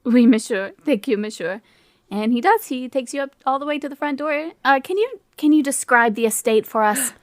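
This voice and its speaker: A woman's voice: high-pitched, brisk, few pauses, no room sound. Dry-voiced woman game master. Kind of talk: narrating a tabletop game.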